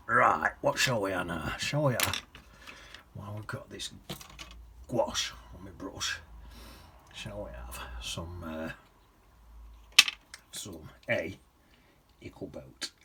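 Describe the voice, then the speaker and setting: A man's voice: sits low, takes it slowly, pauses often, noisy background. A man teaching watercolour, chatting casually and often dropping to a whisper as he paints. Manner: chatty, drifts into soft whispers and hums while painting.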